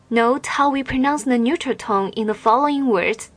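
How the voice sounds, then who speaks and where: A woman's voice: a little high, lively intonation, moderate pace, few pauses, faint music behind. A woman teaching pronunciation in a scripted language lesson, modeling sounds with careful, exaggerated drills.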